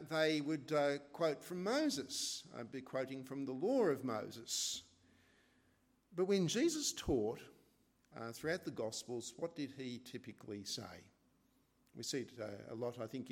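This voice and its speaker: A man preaching an expository sermon in a conversational way, often asking his listeners rhetorical questions. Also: on the high side. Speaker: pastor.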